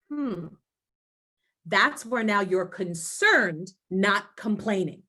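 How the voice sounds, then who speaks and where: Emphatic woman webinar presenter, mid-pitched, lively delivery over a video call. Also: slow pace. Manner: emphatic, animated, acts out voices. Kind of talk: energetic webinar talk.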